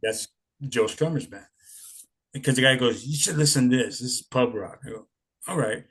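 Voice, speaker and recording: A man's voice: mid-range voice, moderate pace, fairly bright tone, breathy edge. Rambling laid-back older man. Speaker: interviewee, punk musician. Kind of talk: casual storytelling.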